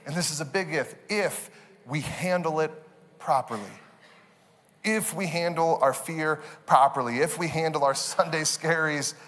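A man giving a conversational sermon as a pastor, animated and joking with laughs. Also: on the high side, long reverb tail. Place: church auditorium.

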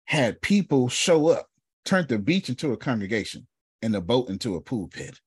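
A man's voice: medium pitch, big pitch swings, moderate pace, darkish tone, slightly rough, dry recording. A man telling a story in a preaching style, dramatic, repeating a refrain and calling on listeners by name. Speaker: speaker.

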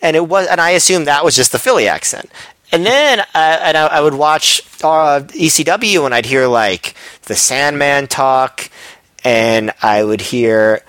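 A man's voice: fairly high pitch, expressive, a little slow, a bit bright, clear, resonant tone, no room sound. A man co-hosting a podcast, talking casually with many fillers and restarts. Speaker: podcast co-host. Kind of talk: casual chat.

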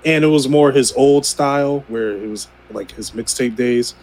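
A man's voice: medium pitch, normal speed, darkish tone, poor audio. A man co-hosting a podcast in casual chat, laughing easily and often restarting his sentences. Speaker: podcast co-host.

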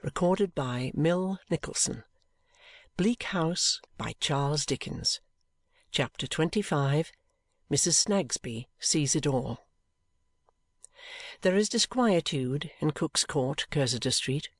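A volunteer audiobook narrator reading a classic novel in a measured, even way. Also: mid-range voice, no echo.

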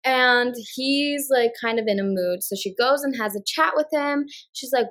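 On a podcast, a woman with a high, somewhat bright voice co-hosts a casual reality-show recap. She moves through it quickly and acts out lines from the cast.

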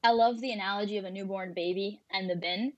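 A woman's voice: mid-range voice, steady tone, fast talker, dry recording, dull audio. Woman host with a dry, close sound. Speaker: podcast host, sales associate. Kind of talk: casual interview chat.

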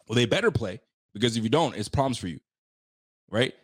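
Animated trash-talking sports show man. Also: medium pitch, fairly quick. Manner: animated, emphatic, ranting, trash-talking, often repeats himself. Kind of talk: casual sports talk show.

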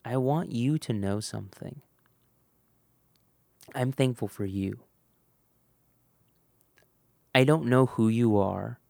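A gravelly-voiced man delivers an earnest motivational talk straight into a close, dry microphone. He pushes hard on key points, then drops to a near hush. He acts out quick snatches of conversation along the way. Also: medium pitch, no echo. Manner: earnest, swings between loud emphasis and soft hush; acts out quick snippets of dialogue. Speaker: podcast host. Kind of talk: motivational monologue.

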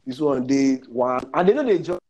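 A young Nigerian man telling a comic story in casual chat, animated and laughing as he goes. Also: mid-range voice, normal speed. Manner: animated, laughs through his story, mixes pidgin. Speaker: comedian.

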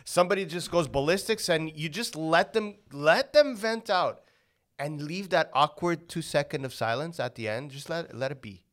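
A podcast host chatting casually, calm and agreeable, with mostly brief replies. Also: mid-range voice, normal speed. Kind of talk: casual chat.

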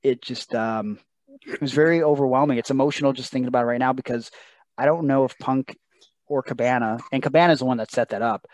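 Man, earnest storyteller, mid-pitched voice, dry close sound, podcast guest. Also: fast, a little mellow, dry recording. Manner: emotional, earnest storytelling with quoted dialogue. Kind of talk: casual storytelling interview.

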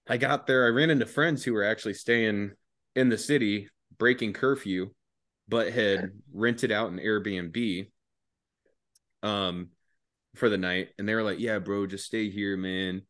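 A man's voice: fairly low pitch, a little slow, fairly bright tone, no room sound, studio quality. A young man telling a long, profane story as a podcast guest, laughing through it and rambling. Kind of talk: casual storytelling.

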